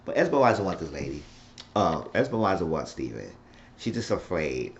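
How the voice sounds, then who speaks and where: A man's voice: low voice, very animated, moderate pace, a little hiss or hum. A man casually recapping a TV episode in a rambling, profane way, often slipping into the characters' lines. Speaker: TV recap reviewer. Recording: slightly dull lo-fi recording.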